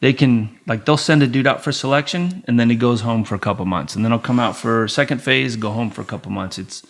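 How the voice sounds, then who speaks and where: Speaking at a fairly quick clip with a medium-pitched voice, a forties-aged man guesting on a podcast tells stories in a relaxed interview. He's animated, performs the dialogue in quoted voices, and swears casually.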